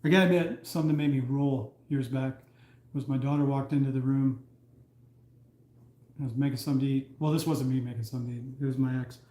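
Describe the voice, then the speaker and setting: A man of middle pitch riffs through crude jokes on a home live stream, swearing freely and chuckling at his own punchlines. His voice carries a roomy echo. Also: steady tone, quick pace, dark tone. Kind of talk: casual chat.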